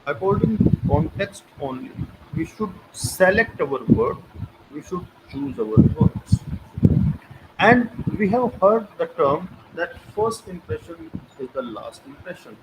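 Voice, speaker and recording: This man lectures online as a teacher in an Indian English accent, his high voice swinging widely in pitch at an unhurried pace. He's emphatic, asking rhetorical questions and going back over key phrases, over a noisy recording with clicks.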